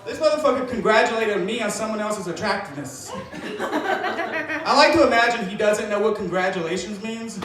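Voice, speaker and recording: High, lively stand-up comedian in a club. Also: male voice, moderate pace, a little hiss or hum. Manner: deadpan dark jokes, acts out voices. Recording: echoey club from far off, crowd laughing. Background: audience laughter.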